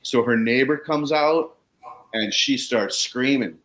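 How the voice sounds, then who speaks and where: A man's voice: mid-range voice, slow pace, low-quality recording. A man who works on soil and landscapes, guest on a talk show, telling a story casually with swearing and acted-out voices. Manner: animated, profane, acts out the people he quotes.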